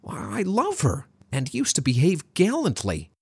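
A reader voicing a timid, flustered young man in love who speaks in a squeaky, hesitant way. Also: huge pitch swings, measured pace, breathy edge, no echo, clean studio sound, full character voice. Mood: confused.

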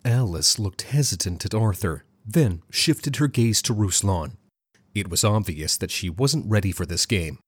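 A man narrates a story with a husky, slightly rough voice and a lively, varied pitch. The recording is close and very dry, with no room sound. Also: a little slow, no room sound. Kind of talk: scripted narration.

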